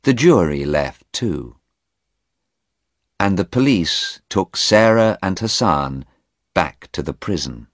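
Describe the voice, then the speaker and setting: A man reading an easy-English audiobook in a slow, deliberate scripted narration. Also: low-pitched, expressive, no echo, clean studio sound.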